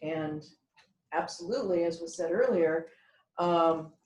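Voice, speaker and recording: A woman's voice: on the low side, measured pace, darkish tone, roomy sound, poor audio. A woman sharing heartfelt, rambling thoughts with a group in a casual call. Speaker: participant in a community dinner call.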